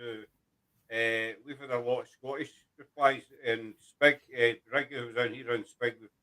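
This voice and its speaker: A man hosting a chat show, explaining things in a rambling, halting way. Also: medium pitch, steady tone, pushed and bright. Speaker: host. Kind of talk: casual chat.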